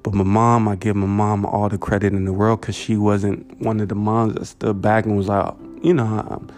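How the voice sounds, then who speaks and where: A man telling a painful childhood memory in a halting way, full of fillers and "you know". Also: fairly low pitch, level tone, a little mellow, faint music behind. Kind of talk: personal storytelling.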